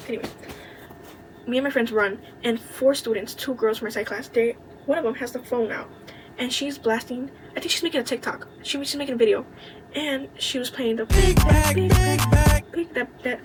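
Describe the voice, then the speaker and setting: A young woman telling a college story in a candid, indignant way, with plenty of swearing and quick asides. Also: high voice, background noise. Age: young adult. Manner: indignant, venting. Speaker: vlogger. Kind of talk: casual storytime chat.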